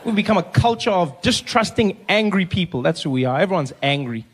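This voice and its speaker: A man in his forties with a South African accent, telling a stand-up story with animated delivery. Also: high voice, fairly quick, husky. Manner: animated storytelling, lots of voices. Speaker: stand-up comedian. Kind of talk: stand-up comedy.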